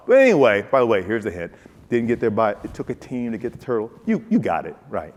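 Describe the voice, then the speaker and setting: A man's voice: on the low side, huge pitch swings, fast talker, big-room sound. Storytelling man giving a motivational speech. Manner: humorous, storytelling, addresses audience directly. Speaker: keynote speaker, former football player.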